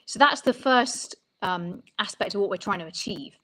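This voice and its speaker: A woman songwriting coach talks through her ideas as an interview guest. Her voice sits at a middle pitch, and she explains thoughtfully, often restarting a phrase before she finishes it. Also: animated, moderate pace, a bit bright, low-quality recording.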